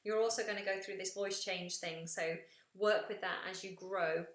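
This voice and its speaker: A woman's voice: mid-range voice, fairly even intonation, normal speed. A woman coaching singing during a live feedback session, explaining technique and sometimes breaking into sung demonstrations. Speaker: vocal coach. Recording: roomy echo.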